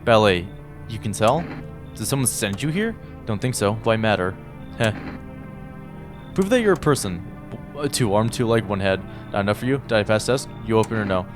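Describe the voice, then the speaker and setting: Guy doing a weird stranger at the door, broken english, lowish voice, music under it. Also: lively intonation, normal speed, lightly acted. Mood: curt, odd. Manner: broken, clipped English, dropped articles. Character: strange male visitor at the door, terse broken speech. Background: game music.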